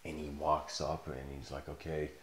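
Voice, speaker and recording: Deep-voiced man lecturing in an echoey room. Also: moderate pace, slight background noise. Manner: rambling, filler-heavy, laughs often. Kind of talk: casual spoken lecture, storytelling.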